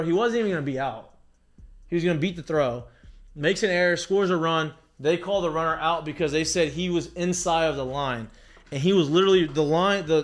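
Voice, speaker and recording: A man with a fairly high voice, talking in a relaxed podcast chat. He tells stories animatedly, leans heavily on "like" and swears freely as he vents about baseball. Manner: animated storytelling with heavy profanity and filler "like". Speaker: podcast guest, former baseball player. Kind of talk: casual chat.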